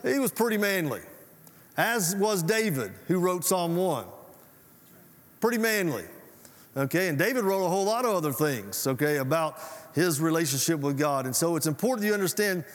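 Folksy preacher in a reverberant hall. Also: male voice, fairly high pitch, expressive, normal speed. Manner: folksy, conversational preaching with audience call-outs. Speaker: pastor. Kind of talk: sermon.

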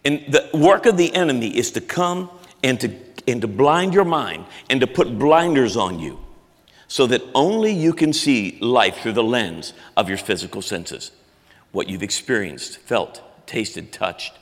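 A man preaching a sermon, swinging between loud emphatic lines and quiet low ones. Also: animated, a little slow, big-room sound. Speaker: pastor.

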